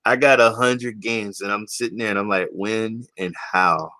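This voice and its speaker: A man's voice: fairly low pitch, steady tone, brisk, bright, forceful tone, no echo. A man co-hosting a live gaming stream, chatting enthusiastically and stressing his points to viewers. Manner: enthusiastic, emphatic, addresses viewers. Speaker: podcast co-host. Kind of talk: casual live stream chat.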